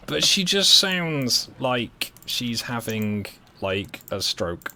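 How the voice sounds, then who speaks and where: A man's voice: medium pitch, sing-song, slow, noisy background. A young man with a West Midlands accent giving rambling, dryly self-mocking commentary while he plays a game. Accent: West Midlands English. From West Midlands, England. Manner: rambling, dry self-mocking humor, thinking aloud. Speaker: streamer playing a game. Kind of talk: casual gameplay commentary.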